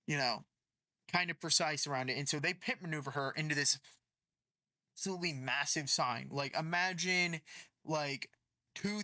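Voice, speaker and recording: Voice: mid-range voice, pushed and bright, dry recording. A storytime narrator casually retelling a story in a rambling way with many fillers.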